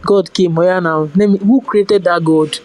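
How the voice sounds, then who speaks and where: A Nigerian woman guest on a podcast, telling a personal story in casual, animated talk, slipping into pidgin phrases and often restarting her sentences. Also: lowish voice, moderate pace, no room sound, poor audio.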